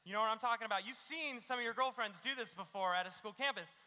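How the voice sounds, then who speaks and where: A man preaching a youth sermon with a high, bright, ringing voice. He is lively and joking, acting out little scenes and tagging his points with "okay?". His voice carries the long reverb of a large hall. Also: quick pace. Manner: keeps adding "okay?". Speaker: youth pastor.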